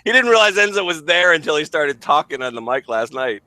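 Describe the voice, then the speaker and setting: Male podcast co-host, slightly high, animated, rambling teaser. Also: fairly quick, no room sound. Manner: rambling, restarts, teasing. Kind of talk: casual podcast banter.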